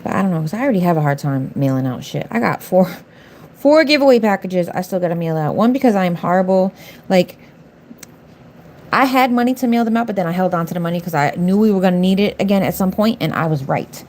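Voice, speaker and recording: A woman's voice: on the low side, animated, fast talker, darkish tone, slight background noise. A middle-aged woman doing nails on a livestream, talking casually and bluntly, sassing viewers in the chat. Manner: blunt, sassy, talks back to chat viewers. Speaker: nail artist livestreaming.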